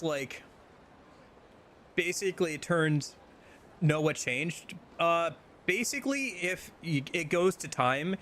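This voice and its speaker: A man's voice: on the high side, fairly bright tone, slight background noise. A man streaming a video game, chatting casually and rambling with lots of fillers and restarts. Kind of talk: casual gameplay chat.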